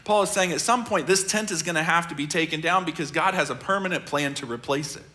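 A middle-aged American man, a pastor, preaching a sermon in a conversational, earnest way, often dropping his voice soft. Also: on the high side, fast. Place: large church auditorium.

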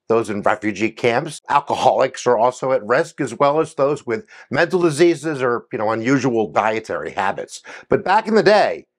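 A man giving a quick history explainer in an energetic, jokey way, with playful asides to his viewers. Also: mid-range voice. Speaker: history educator.

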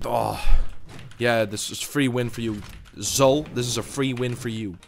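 A man's voice: medium pitch, moderate pace, gravelly. Young man trash-talking while gaming. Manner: excitable, swearing, trash-talking opponents; mutters to himself between loud outbursts. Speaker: gaming YouTuber. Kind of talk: live gameplay commentary.

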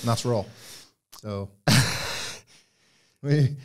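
A man's voice: medium pitch, slow, darkish tone, clean tone. Rambling, jokey British man in his thirties. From United Kingdom. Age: 30s. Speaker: podcast co-host. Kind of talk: casual chat.

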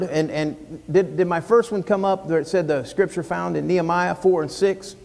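An American man preaching a sermon from the pulpit in an earnest, folksy manner, sometimes slowing into drawn-out, emphatic lines. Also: a little high, vocal fry, a little mellow. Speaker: pastor. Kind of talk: sermon with a read-aloud poem. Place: church sanctuary, speaking from the pulpit. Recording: long church reverb.

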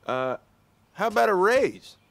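A man's voice: sits high, sing-song, measured pace, vocal fry, fairly bright tone, no room sound, full character voice. An actor voicing a cocky, joking young male drifter in a video game.

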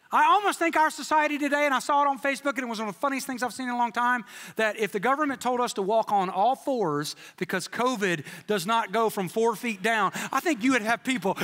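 A man preaching a sermon as pastor, telling stories in an animated, joking way with playful quoted voices, in a church sanctuary. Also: very high-pitched, fast talker, big-room sound.

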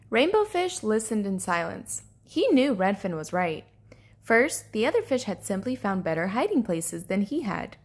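Lively, breathy woman reading a story aloud. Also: medium pitch, normal speed. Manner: expressive, storybook lilt. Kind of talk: children's read-aloud narration.

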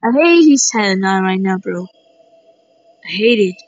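A woman giving excited gameplay commentary, shrieking exclamations and repeating herself. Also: mid-range voice, a little slow. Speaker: gaming commentator. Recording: dry, dull lo-fi mic.

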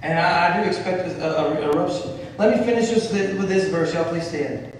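Male pastor, fervent sermon, slightly high voice, distant hall reverb. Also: normal speed, slight background noise. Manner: fervent, builds to shouting, repeats phrases. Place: church sanctuary. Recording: echoey church hall from far off.

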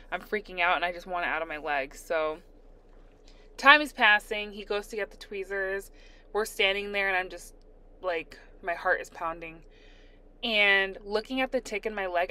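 While painting her nails, a young adult woman who vlogs about nail art casually tells a story. She is animated and laughs as she acts out her own panic, speaking in a mid-range voice.

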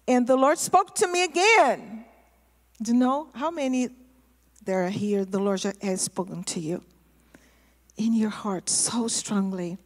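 A woman pastor telling a testimony in a sermon, storytelling in a lively way and repeating words for emphasis. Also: fairly high pitch, a little slow. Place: church sanctuary. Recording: long hall reverb in a church.

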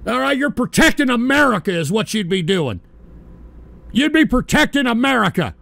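A man hosting a live talk show, ranting angrily with profane, shouted outbursts and a habit of saying "all right". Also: very high-pitched, sing-song, moderate pace, gravelly, dry recording. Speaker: radio show host. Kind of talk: angry live-stream rant.

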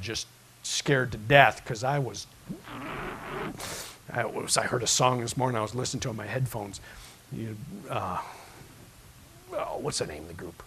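A man preaching a sermon as pastor, telling a story that swings from hushed to loud. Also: mid-range voice, a little hiss or hum, low-quality recording.

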